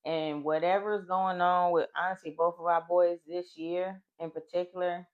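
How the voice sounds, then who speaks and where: A woman's voice: on the low side, level tone, normal speed, narrow, tinny audio. A woman co-hosting a podcast in casual chat, speaking bluntly and outspokenly. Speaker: podcast co-host.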